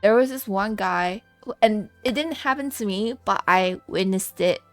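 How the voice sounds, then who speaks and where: Young female streamer, casual animated storyteller, mid pitch, soft music behind. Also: normal speed. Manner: animated storytelling, laughs and swears. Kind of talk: casual live-stream chat.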